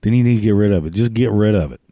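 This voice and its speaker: A man's voice: lowish voice, rapid-fire, dark tone, dry recording, studio quality. A man delivering a crude, profane comedic rant, swearing constantly and laughing at his own jokes. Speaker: ranting commentator.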